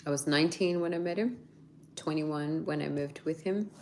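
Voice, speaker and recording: A woman's voice: low-pitched, moderate pace, a little mellow, slight background noise. A woman in her thirties with an Australian accent, chatting casually with viewers, laughing often as she answers their questions. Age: 30s. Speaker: YouTuber.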